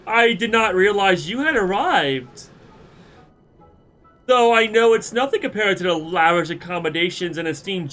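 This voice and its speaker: A man's voice: high voice, bright, forceful tone, pitched above the performer's own voice. A man with a cold putting on the voice of a haughty, indignant noblewoman. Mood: fawning. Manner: outraged, then fawning. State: congested with a cold.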